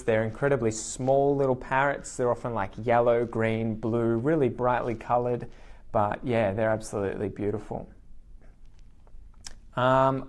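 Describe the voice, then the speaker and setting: A man with an Australian accent teaching slang in a live online lesson, lively and repeating key words slowly. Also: medium pitch. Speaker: English teacher.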